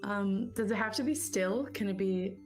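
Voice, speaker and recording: A woman's voice: medium pitch, moderate pace, faint music behind. A woman playing a tabletop game in a playful, giggly way, plotting pranks for her character. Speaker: player.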